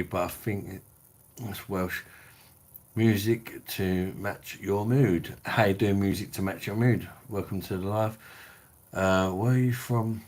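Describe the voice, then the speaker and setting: A tipsy middle-aged man chats loosely on a live stream, swearing and calling everyone mate. His voice sits very low and deep. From England. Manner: blokey, sweary, reads out viewer comments. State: tipsy from drinking. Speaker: beer review channel host. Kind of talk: casual live stream chat.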